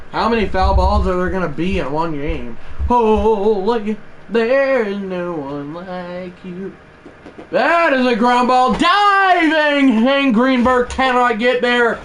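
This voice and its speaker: A man's voice: sits high, a little hiss or hum. A man giving casual play-by-play commentary on a baseball video game livestream, chatty and prone to correcting himself mid-sentence. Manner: chatty, self-correcting, with side remarks.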